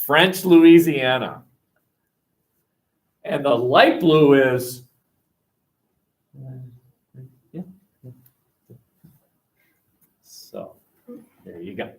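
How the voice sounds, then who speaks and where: A man teaching a history class, lively and questioning, recorded from across a classroom. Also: medium pitch, very slow, vocal fry, long pauses. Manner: animated, asks the class questions, jokes. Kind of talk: classroom lecture. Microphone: webcam across the room. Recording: distant webcam sound.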